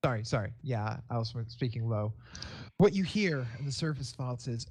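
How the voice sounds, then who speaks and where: A man running a tabletop game as game master over voice chat, rambling and hesitant, with many pauses and fillers. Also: medium pitch, animated, darkish tone, slightly rough. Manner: rambling, hesitant, full of ums. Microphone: home microphone with a sound gate.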